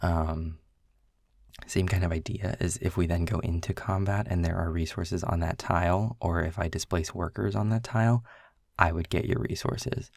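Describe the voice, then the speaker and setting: A man's voice: low voice, fairly even intonation, normal speed, gravelly, darkish tone, dry recording, clean studio sound. A young man in a casual boyfriend role-play, rambling through game rules with lots of filler words. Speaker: audio role-play creator.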